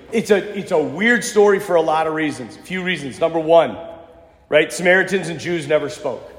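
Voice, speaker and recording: Conversational priest in an echoey church. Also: male voice, on the high side. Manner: conversational storytelling with self-deprecating humor. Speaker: pastor. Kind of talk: sermon. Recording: echoey church with long reverb.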